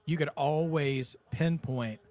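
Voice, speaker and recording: Brief: talkative male co-host, slightly higher voice, loose casual chat. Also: slow pace, darkish tone. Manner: chatty, rambling with fillers. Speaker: co-host of a wrestling watch-along.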